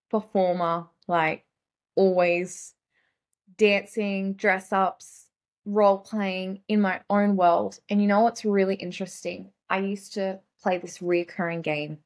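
A young adult woman, a guest in a casual conversation, speaking softly and haltingly with many fillers. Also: mid-range voice.

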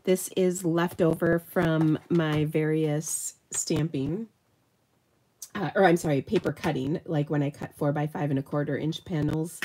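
A middle-aged woman speaks a little slowly in a low, steady, dark, slightly nasal voice while hosting a live card-making tutorial, with a little hiss or hum in the audio. As she works, she thinks aloud in a chatty, self-deprecating way.

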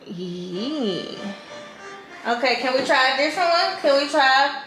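A young woman, feeding her baby at home and cooing at her in slow, soothing baby talk. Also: sits high, pushed and bright, echoey room, faint music behind, low-quality recording. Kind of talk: home vlog, talking to a baby. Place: home kitchen with a TV on.

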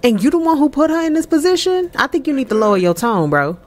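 A woman's voice: high voice, lively intonation, fast, darkish tone. A woman voicing a hotheaded, protective middle-aged father in a life-sim game, talking in a threatening way. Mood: angry.

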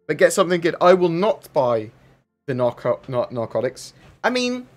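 A man with a fairly high, sing-song voice speaks at normal speed as he hosts a casual livestream. He reads viewer questions aloud and answers in a rambling, chatty way, with plenty of fillers.

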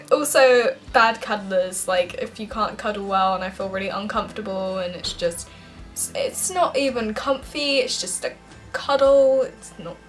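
A woman's voice: high voice, a bit bright. A young woman from England vlogging casually to camera, bubbly and giggly, laughing often between points.

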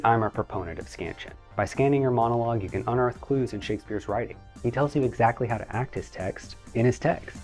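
A young adult man, an acting coach, giving scripted instructional narration in a clear, measured, lightly playful tone. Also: medium pitch, darkish tone.

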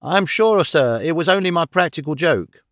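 A man's voice: on the high side, animated, normal speed, fairly bright tone, no echo, clean studio sound, pitched above the performer's own voice. A man doing a whining, crafty old builder. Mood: whimpering. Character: crafty wizened old male builder, whimpering. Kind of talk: audiobook character reading.

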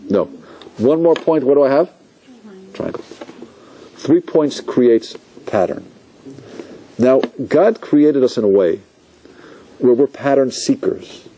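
Rabbi guy giving a class, voice swings all over, mellow tone, faint noise behind. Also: medium pitch, poor audio. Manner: animated storytelling, asks the audience questions, acts out quotes. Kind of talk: lecture to a class.

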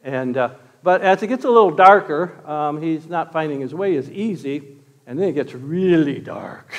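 A man preaching a sermon as pastor, impassioned, swinging from loud exclamations to hushed tones. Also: a little high, lively intonation, moderate pace. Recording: long reverb of a church hall.

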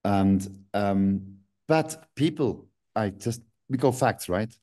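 A man's voice: on the low side, expressive, slow, warm tone. A man, a guest on a video call interview, ranting angrily, swearing and breaking into sudden outbursts. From Switzerland.

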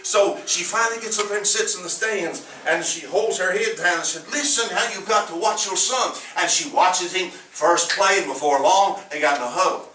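Older Southern pastor, folksy rambling sermon, slightly high voice, far-off mic. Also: male voice, moderate pace, few pauses, pushed and bright, a little hiss or hum. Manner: folksy storytelling, rambling with many fillers. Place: church. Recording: echoey room from a distance.

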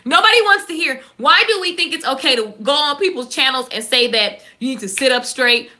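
A woman with a Southern accent chats to her channel's viewers, joking and reacting to comments. Her voice sits a bit high and sounds bright and forceful. She talks fast and loose, like she's among friends. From Southern United States. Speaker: YouTuber. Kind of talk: casual live-stream chat.

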